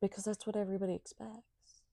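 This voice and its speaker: A woman's voice: mid-range voice, little pitch movement, fast, gravelly, warm tone, no room sound, clean studio sound. A woman talking in a casual monologue, sardonic and profane.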